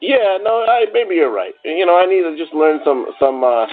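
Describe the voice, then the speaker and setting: A man's voice: fairly high pitch, big pitch swings, normal speed. Volatile male caller on a phone line. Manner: mumbling, then erupting into profane screaming. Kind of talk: comedic call-in radio bit.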